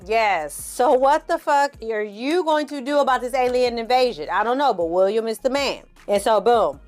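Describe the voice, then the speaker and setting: A woman with a fairly high voice tears into a movie in a loose, sarcastic rant. She curses freely and tells the story with plenty of animation. Faint music plays under her. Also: lively intonation, moderate pace, few pauses. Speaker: movie reviewer. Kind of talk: casual movie review rant.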